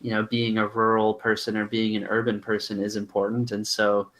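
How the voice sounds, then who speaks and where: A man with a Californian accent, a podcast guest who explains his points at length in a measured, casual way. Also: on the low side, monotone, a bit bright. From Arizona and California, USA.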